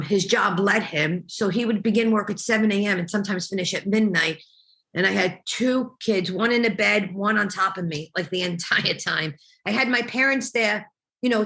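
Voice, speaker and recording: Bright-voiced mother recounting a hard story. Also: medium pitch. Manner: emotional, reflective, quotes dialogue with small laughs. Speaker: mother telling her family's story. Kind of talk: personal testimony interview.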